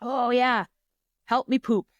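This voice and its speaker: A woman's voice: on the high side, fairly even intonation, slow, dry recording, lo-fi sound. A woman co-hosting a podcast, telling a story in casual chat and acting out the quotes with self-mocking humor. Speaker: podcast co-host.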